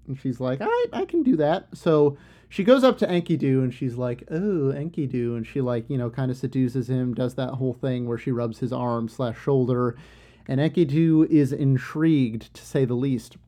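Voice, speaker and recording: Man, relaxed and mellow, casual storyteller who riffs, jokes and pops into quick character voices. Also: medium pitch. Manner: loose and joking, full of "you know" and "like". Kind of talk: casual retelling of an ancient epic.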